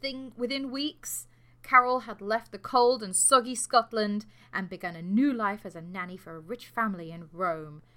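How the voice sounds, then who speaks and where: A woman's voice: mid-range voice, normal speed, fairly bright tone. A woman co-hosting a podcast, telling a true crime story in a casual, sweary, jokey way. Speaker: podcast co-host.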